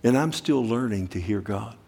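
A man preaching a sermon, animated, swinging from loud urgent bursts to quiet low asides. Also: normal speed, gravelly, husky.

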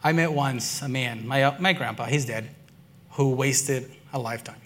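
A man with children preaching a sermon, telling personal stories in an earnest way that swings from hushed to excited. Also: medium pitch, normal speed, a little hiss or hum. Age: adult, father and son-in-law. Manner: earnest storytelling, swinging between quiet and excited. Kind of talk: sermon testimony.

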